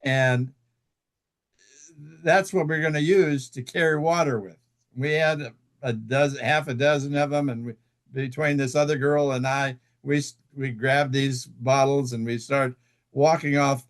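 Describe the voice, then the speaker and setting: A man telling a long personal story as an interview guest, halting, with many fillers and restarts. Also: mid-range voice, fairly even intonation. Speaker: guest author.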